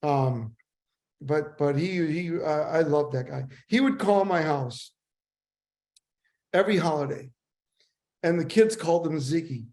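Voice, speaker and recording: An older man, a sales trainer, telling casual stories in a rambling, animated way. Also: a little high, unhurried, pauses often. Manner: animated, rambling anecdotes with voice impressions. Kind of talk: casual storytelling.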